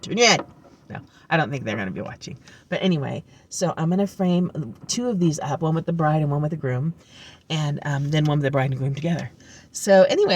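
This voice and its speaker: Chatty woman telling rambling stories. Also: fairly low pitch. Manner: rambling, chatty storytelling with many fillers; upbeat and heartfelt. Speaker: vlogger. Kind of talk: casual chat to camera.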